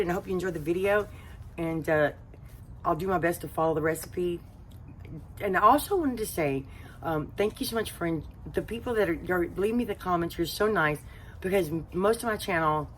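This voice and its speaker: Low-voiced Southern woman, chatty. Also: animated, normal speed, a little hiss or hum. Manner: chatty, rambling, many fillers. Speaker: home cooking channel host. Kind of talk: casual talk to camera.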